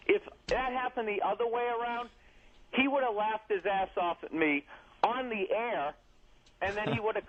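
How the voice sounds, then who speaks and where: An indignant man argues on a radio show, his pitch sitting high as the complaints come out profane and fast. The sound is narrow and phone-like, as if heard over an old radio broadcast. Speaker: comedian guest. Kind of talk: heated radio argument.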